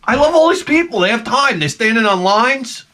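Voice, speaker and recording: A man's voice: very high voice, expressive, normal speed, sharp tone. A man rambling through a comic monologue to camera, jumping between tangents and restarting his sentences. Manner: tangent-prone rant, frequent stammered restarts. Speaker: vlogger.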